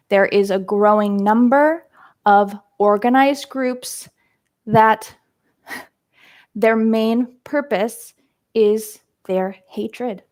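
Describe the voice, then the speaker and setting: Slow-talking woman teaching English. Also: medium pitch, a little mellow. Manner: slow, explains terms step by step, frequent "um" and "right?". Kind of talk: live-streamed vocabulary lesson.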